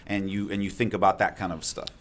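A man with a low voice tells a story from a call he worked, in plain conversational speech. He slips into the voices of the people he met, loud and sharp. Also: little pitch movement, fast. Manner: vivid retelling, acts out quotes loudly. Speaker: first responder telling his story.

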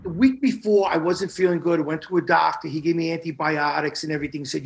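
A middle-aged man with a raised, gravelly voice tells his own story as an interview guest. He talks straight to the listeners in an earnest, plain way and doubles up words to press a point home. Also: fairly high pitch, steady tone, fast talker. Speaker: guest recounting illness.

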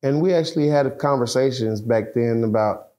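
A man telling a story in casual, profane, animated talk, acting out the voices of the people in it. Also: mid-range voice, normal speed. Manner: profane, animated retelling, acts out quoted voices.

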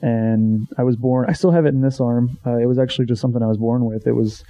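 A man in his twenties, a former college pitcher, casually telling a story, swearing freely and acting out what he once said. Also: fairly even intonation, fast talker, dark tone. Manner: swears freely, acts out his own past remarks. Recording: dull lo-fi sound.

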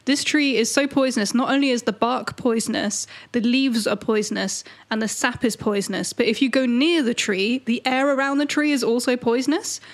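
A woman's voice: a little high, moderate pace, few pauses. Chatty woman with a raised voice. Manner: laughs often, chatty and animated. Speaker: podcast co-host. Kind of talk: casual chat.

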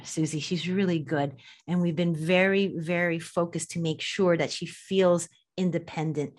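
A middle-aged woman speaking as a guest in a candid interview, heartfelt and earnest, often restarting her sentences. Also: on the low side. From United States. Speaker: estate planning attorney, podcast guest.

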